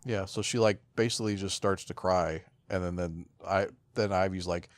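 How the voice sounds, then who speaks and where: A man's voice: sits low, fairly even intonation, normal speed, few pauses, no room sound. A man co-hosting a podcast, agreeing and adding sarcastic, profane comments in casual chat about a movie. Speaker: podcast co-host.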